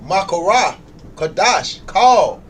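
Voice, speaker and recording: Hesitant man sounding out words slowly. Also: high-pitched, big pitch swings, a little hiss or hum. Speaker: student reading aloud. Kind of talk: halting read-aloud practice.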